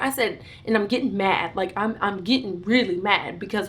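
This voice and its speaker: A young adult woman vlogger telling a storytime, recounting events in an animated, dramatic way with bursts of giggling. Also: medium pitch, fairly quick, few pauses. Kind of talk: storytime vlog.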